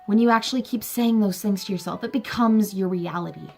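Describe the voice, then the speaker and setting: Young woman vlogger, earnest and encouraging, gravelly fry in her voice, soft music underneath. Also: medium pitch, a little fast. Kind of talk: heartfelt personal talk to camera.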